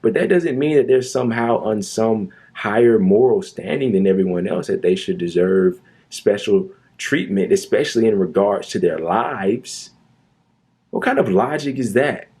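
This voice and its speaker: A man's voice: fairly low pitch, moderate pace, warm tone, husky. A man delivering an opinionated commentary monologue, indignant and sarcastic, pressing his points with emphatic repetition. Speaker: commentary youtuber.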